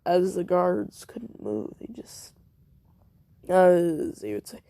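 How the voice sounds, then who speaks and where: A man's voice: sits high, big pitch swings, slow, gravelly, warm tone. A man improvising a fan story, rambling and hesitant, correcting himself as he goes and jumping between voices. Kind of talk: improvised fan fiction narration.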